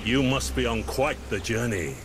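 An actor playing a kindly ghostly pirate lord in a video game, guiding a newcomer in an encouraging storytelling way. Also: male voice, mid-range voice, normal speed, close to an everyday voice. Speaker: game character. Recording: game audio with steady noise.

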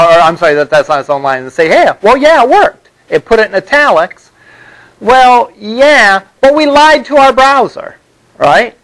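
A man's voice: high voice, a bit bright, low-quality recording. A man teaching a college web development class, explaining patiently and often checking in with "all right?". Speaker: college instructor. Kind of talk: classroom lecture.

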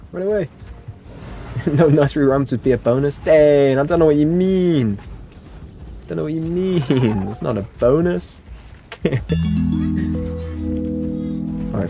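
A man's voice: mid-range voice, mellow. A man streaming a game live, playfully teasing and reading out chat messages.

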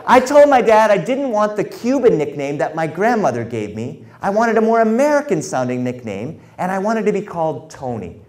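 A middle-aged man telling a story in a live performance in a library, animated and playful, slipping in Spanish phrases. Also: high voice, moderate pace, hardly any pauses.

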